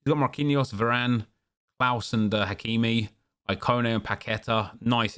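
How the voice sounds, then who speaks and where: A man's voice: medium pitch, fairly even intonation, normal speed, fairly bright tone, clear, resonant tone. A man hosting a gaming video, commentating live on his own play in an exasperated way, repeating himself and swearing.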